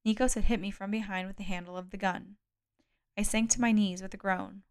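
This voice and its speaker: A woman reading a first-person thriller audiobook in a measured, steady narration. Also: mid-range voice, clear, resonant tone. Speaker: audiobook reader.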